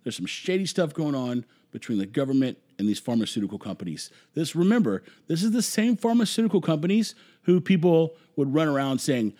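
A commentary host delivers an opinionated talk-show monologue, speaking emphatically, rambling, and repeating words for effect. His darkish-toned voice sits on the high side, animated and fairly quick, with hardly any pauses.

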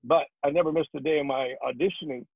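An older man spins jokey stories from his working life with animated comic timing. His voice sits fairly high, dry and close, with a thin, phone-like sound. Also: quick pace, gravelly, husky, no room sound. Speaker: guest actor. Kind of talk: casual interview storytelling.

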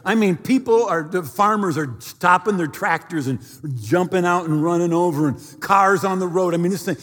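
A male pastor preaching a sermon as an animated storyteller, acting out sounds and dialogue from his story. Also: sits high, normal speed, long reverb tail.

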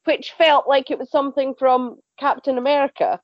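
A woman reviewing TV shows as a podcast panelist, chatty and animated, often stumbling and repeating words. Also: sits high, moderate pace, dry recording, muffled recording. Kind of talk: casual review chat.

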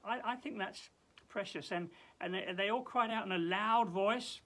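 A man, a pastor giving a daily Bible devotional, who hesitates, often repeats words and drops to a soft hush. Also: high-pitched, animated, brisk.

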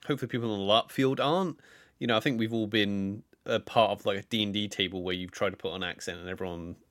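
A man's voice: lowish voice, quick pace, a bit bright, dry recording, studio quality. A man co-hosting a podcast, giving earnest advice in a casual chat and often restarting his sentences. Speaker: podcast co-host.

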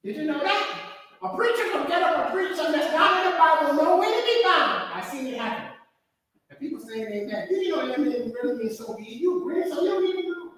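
A man preaching an evening church sermon, animated and repetitive, telling personal stories. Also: very high voice, fast talker. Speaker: pastor. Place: church sanctuary. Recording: echoey hall, distant mic.

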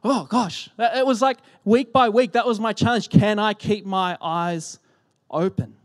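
A man preaching a sermon in a church, animated and shifting between loud emphasis and hushed whispers, speaking into a handheld microphone. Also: high voice, measured pace. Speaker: pastor. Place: church hall.

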